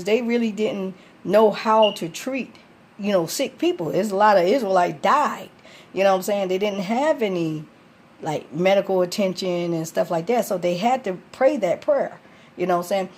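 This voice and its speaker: A woman's voice: on the low side, darkish tone. A woman in casual late-night talk about scripture, rambling with many fillers and restarts.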